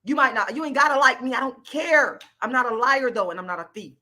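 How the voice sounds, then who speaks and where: A woman from Florida, hosting her own channel and ranting angrily into the camera with loud, profane, repetitive emphasis. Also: a little high, quick pace, background noise. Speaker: YouTube channel host. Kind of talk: angry direct-to-camera rant.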